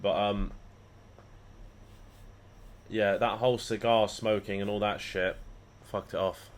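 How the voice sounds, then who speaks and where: A man's voice: lowish voice, little pitch movement, takes it slowly. A man chatting casually on a livestream, rambling and swearing freely as he talks to his viewers. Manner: rambling, profane banter. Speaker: live trading streamer.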